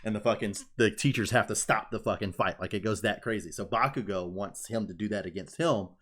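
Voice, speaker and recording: A man with a fairly low voice talks through a story on a casual podcast. He gets excitable and swears freely, peppering his talk with "like.". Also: a little fast. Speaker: podcast co-host. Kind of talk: casual chat, retelling an anime plot.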